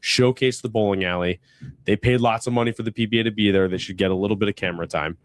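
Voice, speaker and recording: Low-voiced male podcast co-host, loose and rambling, recorded dry. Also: fairly even intonation, fast, dry recording. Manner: rambling, lots of fillers and laughs. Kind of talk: casual chat.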